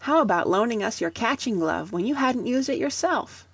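A young schoolboy speaks up in a children's storybook, a little higher than the narration, read by a woman. Breathy voice, dry close sound. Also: animated, moderate pace, no echo, exaggerated voice. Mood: boyish. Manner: complaining, then eager. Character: young schoolboy club member.

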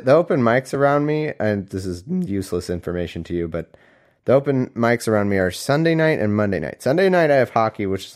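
A young man with a lowish voice reads scripture aloud and mocks it in sarcastic, casual solo commentary, swinging between loud moments and mumbled asides.

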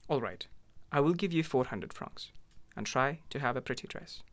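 A man's voice: medium pitch, animated, normal speed, lightly acted. A man voicing an eager fumbling clerk husband.

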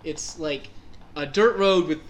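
A young man telling a story in casual chat, animated and laughing as he acts out his own reactions. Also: a little high, measured pace.

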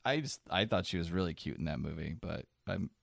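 Gravelly joking man on a podcast. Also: deep voice, animated, a little fast, no echo, studio quality. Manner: joking, teasing. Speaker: podcast co-host. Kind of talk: casual podcast chat.

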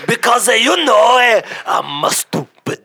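A boisterous, silly Italian man, put on by a man in an improvised comedy podcast. He shouts and sings his mangled English in a high, swooping voice. The tone is bright and brash. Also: sing-song, measured pace, dry recording, exaggerated voice. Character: loud, silly Italian man, middle-aged.

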